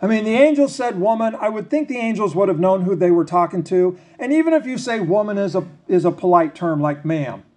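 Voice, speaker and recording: A man preaching a sermon, reading scripture slowly and then talking it through in a conversational, questioning way. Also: sits high, expressive, a little mellow. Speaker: pastor.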